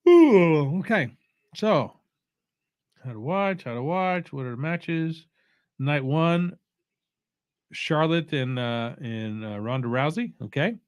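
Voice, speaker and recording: A man hosting a watch-along, rambling casually with strong opinions, halting often with fillers and restarts, sounding sleepy. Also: a little high, animated, clear, resonant tone, dry recording, clean studio sound. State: sleepy, yawning.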